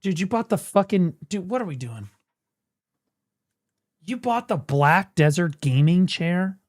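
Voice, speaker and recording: A man commentating a game on a livestream in a loose, casual way. He swears freely and mocks another player, breaking into laughter and shouts as the moment unfolds. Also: high-pitched, lively intonation, a little slow. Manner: profane, mocking, laughing. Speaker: streamer.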